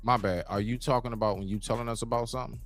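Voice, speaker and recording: A man hosting a casual live-stream chat, expressive and emphatic as he makes his points. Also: medium pitch, very fast, music in the background.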